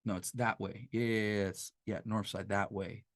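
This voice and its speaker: A man's voice: lowish voice, fairly even intonation, normal speed, no echo, studio quality. A man hosting a casual podcast, telling stories animatedly and swearing freely. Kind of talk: casual chat.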